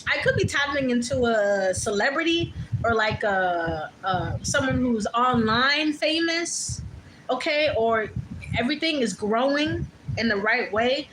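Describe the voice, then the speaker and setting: A woman's voice: on the high side, lively intonation, measured pace, background noise. A woman doing a casual tarot reading, talking bluntly and loosely, with profanity and many fillers. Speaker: tarot reader.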